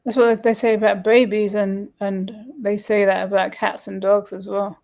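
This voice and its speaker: Female co-host, creaky gravelly voice, agreeable casual chatter. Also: mid-range voice, flat delivery, normal speed, a little mellow. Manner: agreeable, chimes in with short replies. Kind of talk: casual chat.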